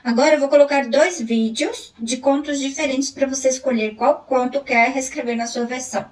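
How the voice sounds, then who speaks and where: A woman's voice: high-pitched, fairly even intonation, fast, far from the mic. A Brazilian woman teacher giving an online lesson, explaining tasks and checking that students understand. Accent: Brazilian Portuguese.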